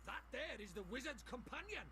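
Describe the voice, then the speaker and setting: A man's voice: animated, a little fast, far from the mic, noisy background. A man voicing a cheeky, bossy little male fairy, reading game dialogue aloud. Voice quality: very high, bouncy singsong delivery.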